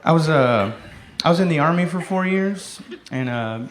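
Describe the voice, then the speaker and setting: A man's voice: on the high side, animated, moderate pace. A man doing stand-up comedy on a club stage, telling self-deprecating, profane stories in a loose, conversational way. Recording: roomy club with noisy audience.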